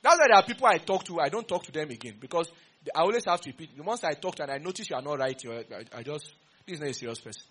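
A man with a Nigerian English accent preaching a sermon, teasing and quizzing his congregation in an animated way. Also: on the high side, racing, a little hiss or hum.

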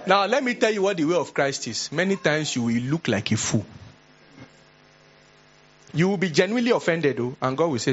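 Man, Nigerian English accent, pastor preaching a sermon, earnest and exhorting, slightly high husky voice, dull lo-fi recording. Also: a little fast. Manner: earnest and exhorting, shifts into animated storytelling.

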